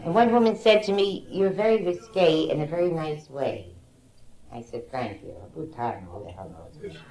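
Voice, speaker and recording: This middle-aged woman's low-pitched voice is warm, with lively intonation and a moderate pace, as she does bawdy stand-up and ribs the audience. She uses a handheld stage mic in a nightclub before a live crowd, recorded roomily in the early 1960s with music.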